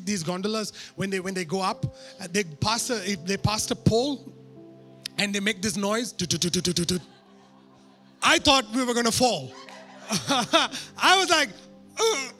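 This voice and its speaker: A man preaching a sermon through a personal story, animated and poking fun at himself. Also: high-pitched. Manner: animated, self-mocking humor.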